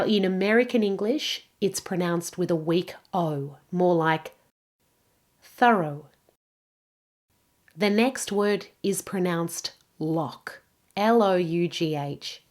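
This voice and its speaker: A woman teaching English pronunciation, saying each word slowly and carefully for learners to repeat. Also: on the low side, darkish tone. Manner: slow, careful modelling of words. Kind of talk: pronunciation lesson.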